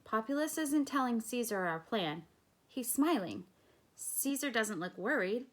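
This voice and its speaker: A woman reading the part of an earnest male Roman senator and conspirator in a calm, plain way. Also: a little high, measured pace.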